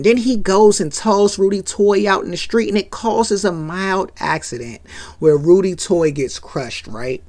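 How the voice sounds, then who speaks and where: A woman's voice: mid-range voice, measured pace, darkish tone. A woman hosting a comic episode recap, chatty and full of "right?" asides. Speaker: host.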